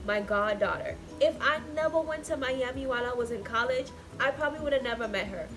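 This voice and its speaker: A woman's voice: high-pitched, a little fast, few pauses. Emotional young woman vlogging, faint music. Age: 20s. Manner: emotional, venting, swings loud and soft. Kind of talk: casual vlog rant.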